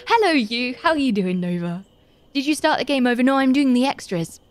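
A British woman streamer chatting casually as she plays, reading out chat and getting excitable. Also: high voice, fairly quick, soft background music. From Britain. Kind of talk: casual gaming commentary.

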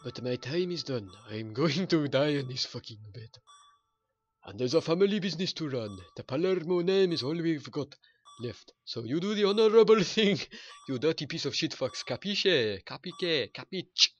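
A man's voice: a little high, animated, normal speed, voice pushed up. A man putting on a dying old mob boss. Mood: menacing. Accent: put-on Italian-American. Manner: profane, threatening growl.

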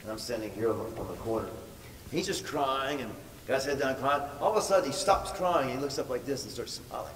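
A man preaching a storytelling sermon, pressing his points by repeating words. His mid-pitched voice carries through a big church hall. It sounds like it was picked up from a distance, with a long reverb tail and faint noise underneath. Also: brisk, a bit bright. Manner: emphatic, repeats words for stress. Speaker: pastor.

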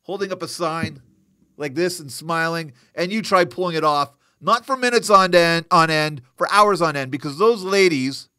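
A man's voice: on the high side, moderate pace, smooth, no room sound, studio quality. A man hosting a live boxing news show, chatting casually, joking and answering viewer comments. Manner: animated, joking, reacting to live chat. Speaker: host.

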